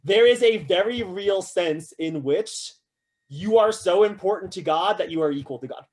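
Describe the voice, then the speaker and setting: A man giving a casual, animated philosophy lecture to a class, often checking in with "right?" and acting out quotes with humor. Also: on the high side. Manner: acts out quoted voices with humor.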